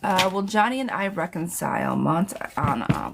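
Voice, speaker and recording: A woman's voice: fairly low pitch, lively intonation, moderate pace, creaky, few pauses, very noisy. A woman doing live tarot readings, reading viewer questions aloud and answering them in a blunt, chatty way. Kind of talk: casual live-stream chat.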